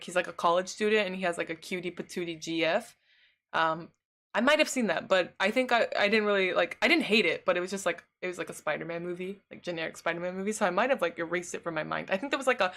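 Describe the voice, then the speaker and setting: A woman's voice: mid-range voice, a bit bright. A woman streamer chatting casually with her live chat. She rambles, fills her talk with "like" and laughs often.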